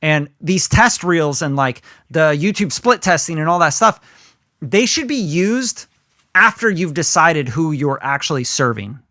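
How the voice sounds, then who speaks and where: A man's voice: fairly high pitch, animated, a little slow, sharp tone, no echo, clean studio sound. A man co-hosting a casual podcast, talking animatedly, acting out scenarios and swearing casually. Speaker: podcast co-host.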